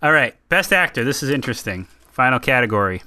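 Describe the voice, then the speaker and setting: A man hosting a casual film podcast, blunt and quick to laugh, swearing freely. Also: mid-range voice, big pitch swings, pushed and bright. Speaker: podcast host.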